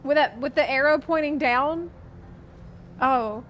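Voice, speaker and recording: A young woman streamer giving casual, excitable commentary while gaming, chatty and swearing now and then. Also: high-pitched, a little slow, muffled recording, slight background noise.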